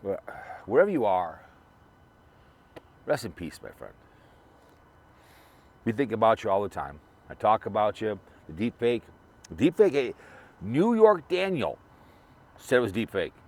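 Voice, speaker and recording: A vlogger with a lowish, somewhat mellow voice is very animated yet keeps a measured pace with long pauses. While driving, he remembers a late fellow creator in a casual, rambling monologue that repeats and restarts a lot.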